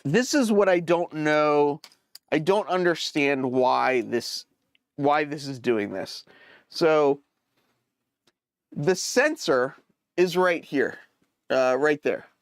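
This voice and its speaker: A man hosting a casual live stream, thinking aloud as he troubleshoots and answers viewers' chat with hesitant, halting phrasing. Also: fairly high pitch, dry recording, clean studio sound. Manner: hesitant, many fillers and restarts.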